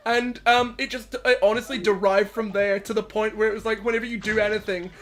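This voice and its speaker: A man's voice: high voice, flat delivery, fairly quick, a crowd in the background. A man on a casual chat show, telling stories with giggly, swearing banter. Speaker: co-host.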